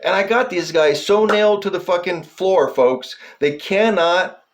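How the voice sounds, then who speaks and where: A man's voice: sits high, measured pace. A man delivering an agitated, profane, rambling rant straight to camera, repeatedly addressing his viewers as folks. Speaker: self-publishing filmmaker addressing police. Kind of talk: angry direct-to-camera rant.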